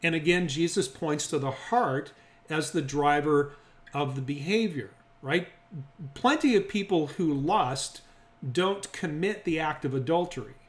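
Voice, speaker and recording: A man's voice: a little high, a little slow. A man teaching a Bible study group, reasoning through the text aloud and often checking that the group is following. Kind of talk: interactive Bible lesson. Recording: echoey room.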